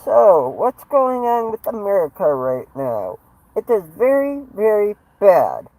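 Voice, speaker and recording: A man's voice: high-pitched, huge pitch swings, unhurried, dark tone, no echo, exaggerated voice, rough recording. A man doing an amateur impression of a boastful former male president, with emphatic, repetitive bragging.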